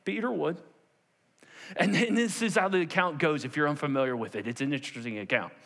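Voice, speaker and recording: A man preaching a sermon to a congregation, animated and acting out the scenes of the story in different voices. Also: on the high side, brisk, gravelly, in a large hall. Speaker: pastor.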